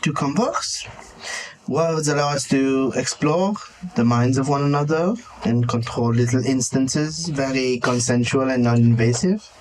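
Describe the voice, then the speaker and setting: A man's voice: mid-range voice, natural voice, low-quality recording. Man playing a formal adventurer with French words. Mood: courteous. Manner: measured, formal, hesitant with fillers.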